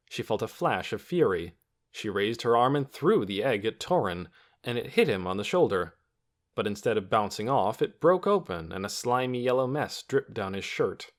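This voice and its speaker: A man with a fairly low voice reads aloud from a children's novel for an audiobook, narrating from a script in an expressive, storyteller's style.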